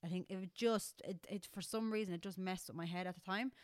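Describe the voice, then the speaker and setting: A woman's voice: mid-range voice, steady tone, fast talker, dry recording. A young Irish woman in her twenties, talking candidly and rambling with lots of fillers and restarts as a podcast co-host. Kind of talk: casual chat.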